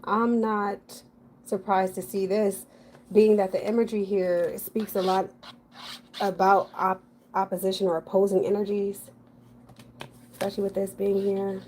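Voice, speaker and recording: A woman's voice: medium pitch, little pitch movement, a little slow, pauses often, a little mellow, a little hiss or hum. Chatty woman giving a frank tarot reading. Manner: frank, chatty, thinking aloud with fillers. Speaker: tarot reader. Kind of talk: casual general tarot reading.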